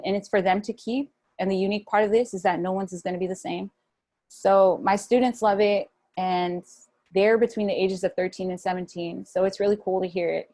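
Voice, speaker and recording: A young woman speaking casually to an online audience over a video call from a room at home, relaxed and chatty, with many fillers and restarts. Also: fairly low pitch. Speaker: guest speaker at a wellness webinar. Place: home room with a fan running.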